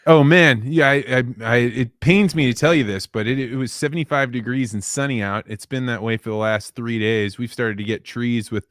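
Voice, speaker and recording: A man's voice: medium pitch, moderate pace, hardly any pauses, a bit bright, no echo, studio quality. A man from the Midwestern United States sitting in as guest host, chatting in a playful, upbeat way. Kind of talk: casual podcast chat.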